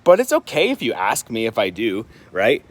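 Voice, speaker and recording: A man's voice: mid-range voice, huge pitch swings, normal speed. A man from Michigan talking casually to camera in a vlog, rambling with fillers and restarts and asking rhetorical questions. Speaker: vlogger. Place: home in Puerto Rico.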